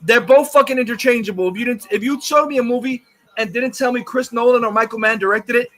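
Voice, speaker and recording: A man's voice: very high-pitched, steady tone, fast, pushed and bright. A man hosting a livestream, ranting angrily and profanely and reading chat comments aloud. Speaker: livestream host. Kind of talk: angry livestream rant.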